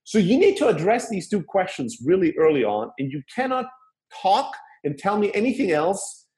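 Male sales coach, animated and blunt, fairly high voice, roomy echo. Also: moderate pace. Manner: animated, emphatic, casual with swearing. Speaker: sales instructor. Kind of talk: informal teaching talk.

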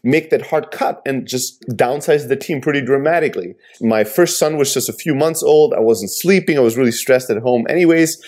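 A man's voice: medium pitch, a little mellow. A man, an entrepreneur, speaking earnestly and reflectively in casual conversation.

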